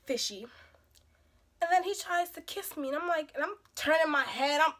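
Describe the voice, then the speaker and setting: This is a young woman's casual storytime vlog about a dating experience, full of lively, emphatic outbursts. She's high-pitched, talks at a moderate pace, and sounds slightly hoarse from a cold.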